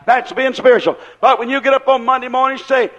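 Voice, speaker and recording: A man preaching a sermon in a fervent, folksy way, firing rhetorical questions at the congregation and rising into shouts. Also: very high voice, fairly even intonation, fast, muffled recording. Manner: acts out quoted people in voices.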